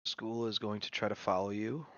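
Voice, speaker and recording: A man narrating as game master in a relaxed, easygoing way. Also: on the low side, normal speed, no room sound, lo-fi sound. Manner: relaxed, easygoing, chewing while talking.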